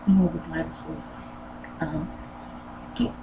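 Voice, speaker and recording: A woman who hosts a sewing channel, talking in a rambling, earnest way and repeating her phrases, with a low voice that she says never goes higher. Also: steady tone, unhurried, creaky, muffled recording. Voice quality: low voice that does not go higher. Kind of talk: casual personal talk. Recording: noisy background.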